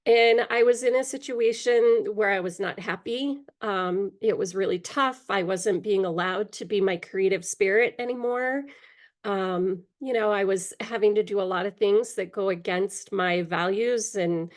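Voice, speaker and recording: Candid middle-aged woman, halting storytelling. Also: medium pitch. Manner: candid, halting, with frequent pauses and fillers. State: throat-clearing from allergies. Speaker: guest. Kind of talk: personal storytelling in an interview.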